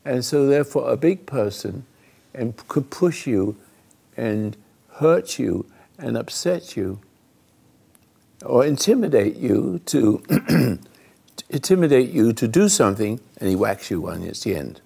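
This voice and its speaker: A man hosting a call-in radio show, telling a story dramatically and swinging between loud and hushed, halting and restarting mid-phrase. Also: medium pitch, lively intonation, vocal fry, husky.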